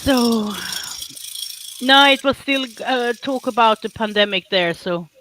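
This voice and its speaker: A woman's voice: a little high, unhurried, fairly bright tone. Swedish woman reading chat aloud. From Sweden. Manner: reads chat comments aloud, chatty. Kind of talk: casual live-stream chat. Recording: noisy live-stream audio.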